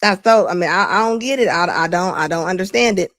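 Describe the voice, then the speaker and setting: A woman's voice: fairly low pitch, fairly bright tone, no room sound. A woman hosting a live stream, giving sassy, laughing reaction commentary. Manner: laughing, sassy, rapid asides.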